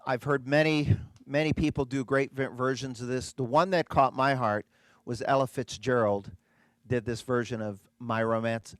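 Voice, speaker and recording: Guy doing an organ demo online, excited, chatty, talks to the folks watching, dry close sound. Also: medium pitch, dry recording. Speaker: organ demonstrator and presenter. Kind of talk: enthusiastic live-streamed product demo.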